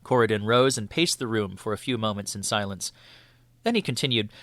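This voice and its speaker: A man reading a classic text aloud as an audiobook, in a calm, formal way into a close mic. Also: lowish voice, fairly quick, no room sound. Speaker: audiobook reader. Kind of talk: scripted narration of a dialogue.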